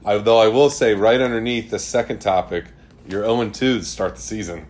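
A man's voice: lowish voice, fairly even intonation, brisk, a little mellow. A man co-hosting a casual fantasy sports chat, teasing his friend and steering the topics.

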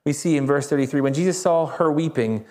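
A man preaching a sermon as a pastor, speaking conversationally and emphatically, with repeated phrases and animated rises. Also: on the high side, fairly quick. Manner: animated, rises sharply when excited. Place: church.

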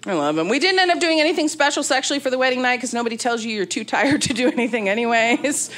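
A woman's voice: fairly high pitch, fast. A woman in her thirties from Las Vegas, doing a candid, brash stand-up set on a comedy club stage, talking into a handheld mic. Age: 30s. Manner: brash, candid storytelling with big animated asides. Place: comedy club stage before a live audience. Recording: live club recording with audience laughter. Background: crowd laughter and room ambience.

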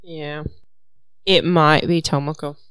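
Young woman, low smooth voice, dry close sound, wry game-night banter. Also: steady tone, slow, a bit bright, no echo. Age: 20s. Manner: jokey, wry, plays with silly voices. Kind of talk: casual group chat.

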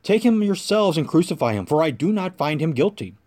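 A man's voice: on the high side, sing-song, fairly quick, a little mellow. A man reading the part of an uneasy Roman governor, pressing and questioning earnestly. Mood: pleading.

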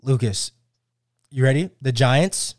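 Male co-host, animated ranter, mid-pitch, dry booth sound. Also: slow, dry recording. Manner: animated, ranting, many restarts. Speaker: sports podcast co-host. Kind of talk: casual sports banter.

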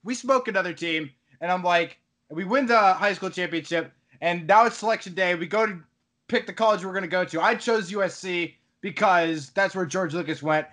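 A man's voice: high-pitched, normal speed, fairly bright tone. A man in casual chat, animatedly retelling a video game story and laughing as he goes.

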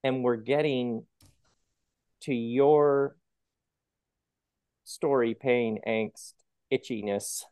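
A man's voice: medium pitch, fairly even intonation, very slow, pauses often, warm tone, smooth, no room sound, clean studio sound. A man interviewed as an author, talking animatedly about his book and acting out the voices of people he quotes. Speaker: author guest. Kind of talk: conversational interview.

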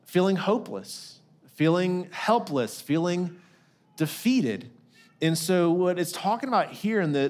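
A middle-aged man preaching, his voice sitting a little high for a man. He talks conversationally, restarting phrases and throwing in casual asides as he works through the scripture. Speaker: lead pastor. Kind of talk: sermon.

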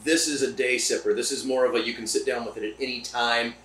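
A man's voice: mid-range voice, steady tone, fast, a bit bright. Enthusiastic man hosting a distillery tasting. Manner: enthusiastic, joking, rambling. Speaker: host. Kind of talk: casual tasting chat. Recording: roomy, from a distance.

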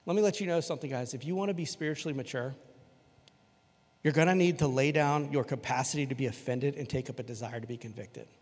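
A man preaching a sermon to his church in a casual, conversational way, switching between loud emphasis and quiet, earnest stretches. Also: medium pitch, fast talker, husky. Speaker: pastor. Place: church sanctuary. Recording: long hall reverb in a church.

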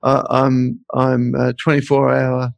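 A man with a gravelly edge to his voice recounts stories in a reflective, conversational way. The sound is dry and close, with no room around it. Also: medium pitch, monotone, slow, dry recording. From Australia. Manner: reflective, storytelling. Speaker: podcast host. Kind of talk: casual podcast conversation.

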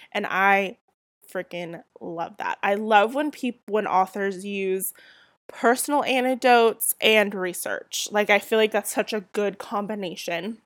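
A woman's voice: medium pitch, fairly bright tone, no room sound, clean studio sound. Chatty young woman with a Southern California accent. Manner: rambling, chatty, many "like" and "um" fillers. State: getting over a cold. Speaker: podcast host. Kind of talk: casual solo podcast chat.

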